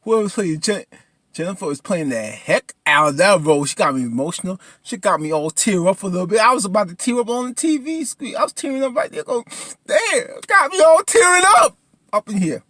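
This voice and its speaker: Man, casual episode recap, lively swooping pitch, excitable, colloquial. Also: fast talker, no room sound. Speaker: TV episode reviewer.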